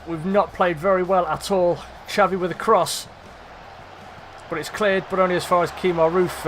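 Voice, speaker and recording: Brief: young man, high voice, sweary excitable football game commentary, faint music underneath. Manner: excitable, swears often, shouts at players. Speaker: gaming commentator.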